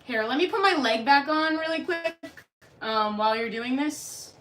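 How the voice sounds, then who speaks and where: Bright-voiced woman chatting on a live stream. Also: sits high, normal speed. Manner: jokey and crude, answers viewers directly. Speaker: livestreamer reading chat. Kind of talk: casual live-stream chat.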